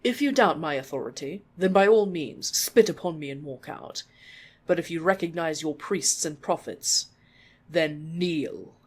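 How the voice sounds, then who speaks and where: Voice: mid-range voice, fairly quick, creaky, hardly any pauses, husky. A reader voicing a grave, authoritative male noble leader in a storybook reading. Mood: commanding.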